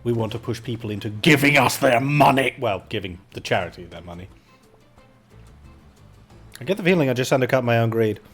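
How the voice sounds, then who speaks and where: Brief: self-mocking male streamer, mid-pitched voice, casual banter, faint game music underneath. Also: animated, a little fast, long pauses, fairly bright tone, slightly rough. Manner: joking, self-mocking, chats with viewers. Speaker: charity livestream gamer. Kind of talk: casual livestream chat.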